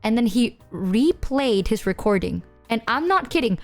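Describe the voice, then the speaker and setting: A young adult woman VTuber rambles through stories about games, using slang and swearing. Her voice sits on the high side, animated and at a moderate pace, with soft music in the background.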